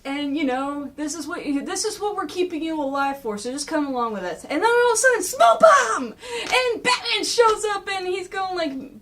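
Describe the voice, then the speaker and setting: A young woman giving a casual comic recap as a gushing, excitable fan. Her voice is high. She sounds a little distant from the microphone. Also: moderate pace, a little hiss or hum. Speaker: comic reviewer.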